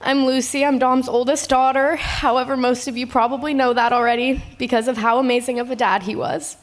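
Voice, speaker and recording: A young woman of eighteen reads a prepared eulogy in a high voice. Her delivery is tender and heartfelt, but steady, as she speaks to the people at a memorial gathering. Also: brisk. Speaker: eulogy speaker, eldest daughter.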